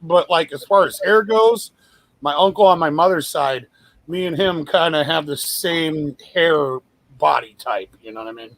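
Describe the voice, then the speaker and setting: A man hosts a loose podcast conversation, wandering through his thoughts with lots of fillers and a few curse words. His voice sits fairly high for a man. The sound is dry and close, with no room in it. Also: moderate pace, a bit bright, no echo. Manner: rambling, profane, lots of fillers and restarts. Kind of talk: casual chat.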